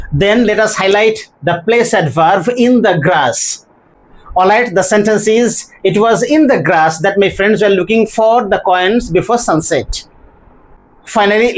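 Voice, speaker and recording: Slow, deliberate English teacher. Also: medium pitch, rough recording. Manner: deliberate, spells words out letter by letter. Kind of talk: pronunciation and grammar lesson.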